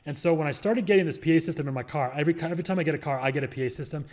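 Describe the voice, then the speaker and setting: A young man rattles off advice at a quick clip, in a voice pitched a little above most men's. He rambles and jokes, full of fillers and restarts. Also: a little mellow. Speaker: real estate investor and show host. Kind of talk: casual advice monologue.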